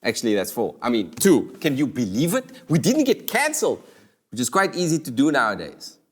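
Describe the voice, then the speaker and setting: A man hosting a comedy talk show, delivering a playful scripted monologue with sudden high exclamations. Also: wildly swooping pitch, fairly quick.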